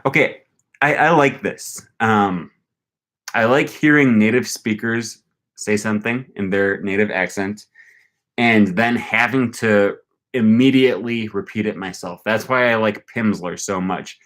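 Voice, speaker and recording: Young male vlogger, low and unhurried, casual running commentary while he repeats practice phrases. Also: fairly bright tone. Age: young adult. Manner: thinks aloud, repeats foreign phrases slowly. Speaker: language learning vlogger. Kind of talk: casual commentary while using a language app.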